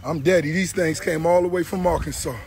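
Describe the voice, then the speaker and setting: A middle-aged man chatting casually and excitedly outdoors on a farm, cooing affectionately at his animals and hyping them up in heavy slang. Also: on the high side, a little fast. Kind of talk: casual hype chat. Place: outdoors on a large farm by a gate.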